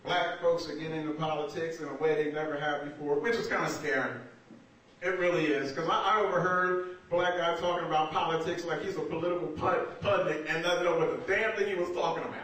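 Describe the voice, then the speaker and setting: A man's voice: a little high, steady tone, a little fast. A man doing a stand-up comedy set in a small theater, talking conversationally and laughing through his punchlines. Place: small theater stage with audience. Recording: roomy echoey far-off amateur recording with loud noise.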